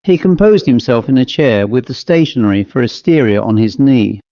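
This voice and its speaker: A man narrating a ghost story in a measured storytelling manner. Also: mid-range voice, lively intonation, mellow, no echo. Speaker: audiobook narrator. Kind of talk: scripted narration. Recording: dull lo-fi dry recording.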